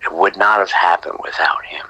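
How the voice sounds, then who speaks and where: A middle-aged man, a graffiti artist, telling stories from his past in a chatty way that often sinks into a breathy whisper. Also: low-pitched, normal speed, poor audio. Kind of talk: casual storytelling interview.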